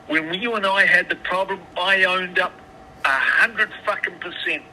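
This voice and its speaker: A man's voice: sits high, measured pace, bright, forceful tone. A man on a phone call, swearing often and stammering through restarts as he tells his side. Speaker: caller. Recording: phone line with background noise.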